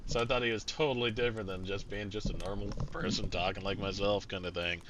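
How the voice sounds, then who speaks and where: Low-voiced man rambling through gameplay. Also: steady tone, fast, highs cut off, background noise. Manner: rambling and profane, many fillers and restarts. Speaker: streamer playing a survival role-play game. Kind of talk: casual gameplay commentary.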